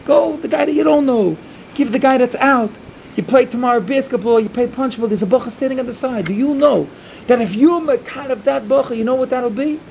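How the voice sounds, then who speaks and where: A middle-aged man giving an emphatic storytelling sermon to a yeshiva, repeating his points and swinging from loud to hushed. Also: very high voice, brisk, vocal fry, slight background noise, poor audio. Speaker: yeshiva speaker.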